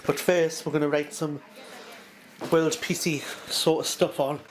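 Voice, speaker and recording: A man's voice: fairly high pitch, level tone, unhurried, poor audio. A young man from the UK chatting casually to viewers in a jokey vlog, outdoors at night. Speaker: vlogger. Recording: loud outdoor background noise. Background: traffic and outdoor noise.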